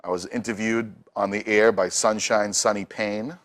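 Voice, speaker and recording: A middle-aged man tells stories in a relaxed, chatty way. His voice sits a little low, and he slips into the voices of the people he talks about. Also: moderate pace. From Boston. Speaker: musician guest. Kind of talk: casual storytelling.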